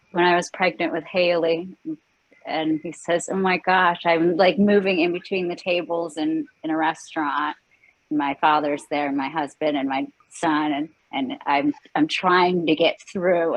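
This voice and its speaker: A woman's voice: fairly low pitch, dry recording, rough recording. A woman casually telling a story from her own pregnancy, acting out the lines she quotes. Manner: animated, acts out quoted lines.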